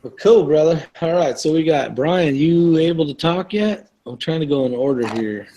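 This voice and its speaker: A man's voice: fairly high pitch, lively intonation, moderate pace, warm tone, a little hiss or hum, rough recording. A man hosting an online live chat, talking casually, rambling a little and laughing often.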